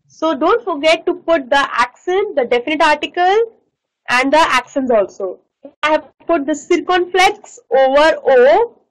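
High-voiced teacher drilling French words slowly. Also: female voice, low-quality recording. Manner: slow, repeats each word for pronunciation drills. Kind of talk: online class lesson.

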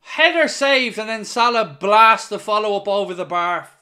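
A man's voice: high voice, expressive, normal speed, smooth. A man hosting a live football watchalong, narrating the play and reacting with frequent swearing. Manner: swings from gloomy muttering to euphoric shouting, swears freely. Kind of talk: live match commentary and reaction.

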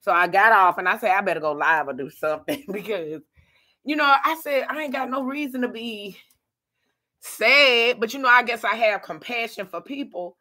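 Bright-voiced tired woman chatting. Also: a little high, normal speed. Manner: chatty, laughing often, talks to viewers. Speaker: vlogger on a live stream. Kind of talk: casual live-stream chat.

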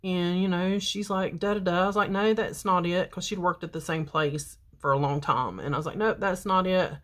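Chatty woman in her fifties, lowish voice. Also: normal speed. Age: 50s. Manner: chatty storytelling while applying makeup. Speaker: beauty vlogger. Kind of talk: casual makeup chat.

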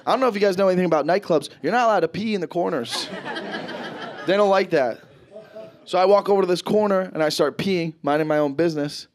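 A man in his thirties doing a stand-up comedy set, telling stories with animated, loud acted-out quotes. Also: sits high, quick pace. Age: 30s. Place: comedy stage before a live audience. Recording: live show with crowd laughter.

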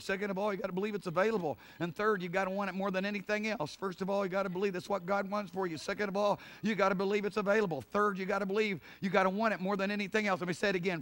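A male pastor preaching a sermon, repeating his points, laughing and saying hallelujah, and rising to loud fervent cries of prayer. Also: sits high.

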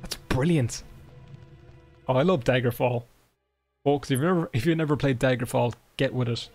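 A man streaming a game live, swearing, laughing and reading in-game books aloud with excitement. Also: medium pitch, moderate pace, soft background music. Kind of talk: live gameplay commentary.

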